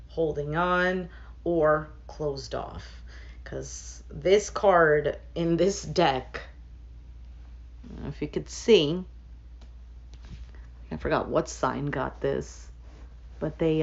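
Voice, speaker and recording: Woman, casual tarot reading, thinking aloud with fillers, lowish voice, muffled lo-fi recording. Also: vocal fry. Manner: thinks aloud with fillers, speaks to viewers as "some of you". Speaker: tarot reader.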